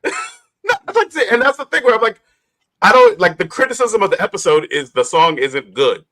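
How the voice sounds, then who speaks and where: A man's voice: high-pitched, big pitch swings, brisk, bright, forceful tone. A man hosting a casual panel discussion, laughing often and filling his talk with "like.". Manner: laughs often, heavy use of "like". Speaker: podcast host.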